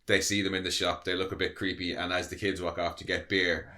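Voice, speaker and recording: A man's voice: deep voice, flat delivery, fairly quick, pushed and bright. A man co-hosting a casual film review podcast, enthusiastic and laughing often. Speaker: podcast co-host.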